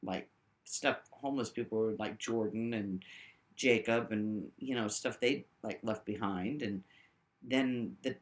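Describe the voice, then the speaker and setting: Rambling, animated woman telling a story. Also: measured pace. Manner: animated, swings between high exclaims and low mutters; keeps checking in with the listener with "right?". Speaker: vlogger telling a personal story. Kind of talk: rambling first-person storytelling.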